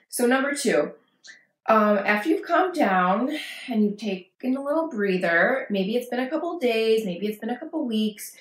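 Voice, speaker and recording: A woman vlogging parenting advice, talking casually and reassuringly to camera and acting out worried quotes. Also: medium pitch. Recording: echoey room.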